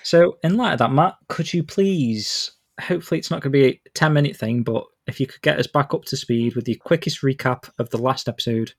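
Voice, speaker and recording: A man's voice: medium pitch, brisk, husky, dry recording, clean studio sound. A man co-hosting a casual podcast, laughing often and restarting his sentences. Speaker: podcast co-host.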